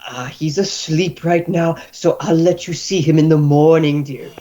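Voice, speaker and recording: A man's voice: fairly high pitch, fairly even intonation, unhurried, mellow, muffled recording, close to an everyday voice. A man doing a cooing old healer woman. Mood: fussing. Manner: cooing, sing-song with endearments.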